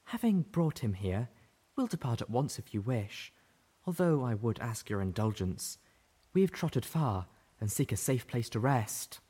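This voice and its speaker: Male reader's high, gentle, soothing pony mare for an audiobook. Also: very animated, unhurried, husky. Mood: reassuring. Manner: soft, reassuring. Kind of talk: audiobook character voice.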